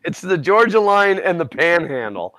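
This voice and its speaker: A man's voice: high voice, sing-song, moderate pace, sharp tone, no room sound. A man from Minnesota co-hosting a livestream, a chatty storyteller in casual chat. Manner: chatty storyteller, laughs easily. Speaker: co-host of a livestream.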